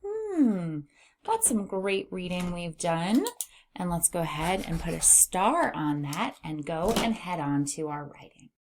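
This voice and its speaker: A woman in middle age leads a reading lesson for small children, speaking slowly and sounding each word out with care. Her fairly low voice swoops up and down with a lively, animated pitch. Every so often she hums a few notes as she looks over the page. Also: a little hiss or hum. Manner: slow, exaggerated word-by-word reading aloud; humming while she scans for letters. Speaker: reading teacher. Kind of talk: online phonics lesson for young readers.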